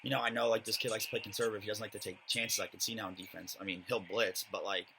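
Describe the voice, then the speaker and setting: Fast-talking young man narrating his game. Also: fairly low pitch, steady tone, gravelly, sharp tone, slight background noise, rough recording. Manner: casual, rambling, filler-heavy. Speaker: gamer commentating his own match. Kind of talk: voice-over game commentary.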